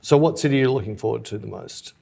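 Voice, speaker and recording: A man with an Australian accent chats casually as a podcast co-host, with a low, gravelly voice. He talks in a dry, teasing way, poking fun as he goes. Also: fast talker, warm tone. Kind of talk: casual chat.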